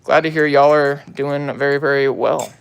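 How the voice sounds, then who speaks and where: A man's voice: medium pitch, fairly even intonation, normal speed, vocal fry, clean tone, lo-fi sound. A young man hosting a livestream on his phone, casually greeting viewers and answering comments in laid-back slang. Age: young adult. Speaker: livestream host.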